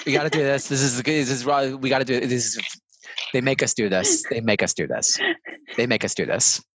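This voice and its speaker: A man's voice: mid-range voice, brisk, a bit bright, lightly acted, low-quality recording. A man voicing a weary woman supervisor in a tabletop game, repeating herself in a tired drone. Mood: exasperated. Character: weary woman supervisor lecturing her team.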